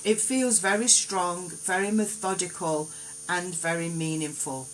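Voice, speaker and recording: A woman with a slightly low voice gives gentle card readings on a live stream. She soothes and reassures her listeners and lets her thoughts wander unhurriedly. A faint electrical hum sits behind her phone-mic sound. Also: steady tone, measured pace, rough recording. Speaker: psychic card reader.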